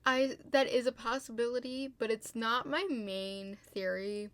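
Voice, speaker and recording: A young woman casually recapping a TV episode, talking fast with lots of fillers, a little tired but getting heated in her asides. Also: fairly high pitch, fairly even intonation, fairly bright tone. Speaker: video host.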